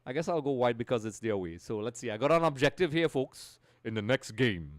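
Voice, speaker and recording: A man streaming a football game live, chatting loosely and greeting viewers as he plays. His voice sits at a middle pitch, and the sound is dry and close on a desk mic. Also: expressive, fairly quick, dry recording. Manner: chatty, reads and greets the chat. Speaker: gaming streamer.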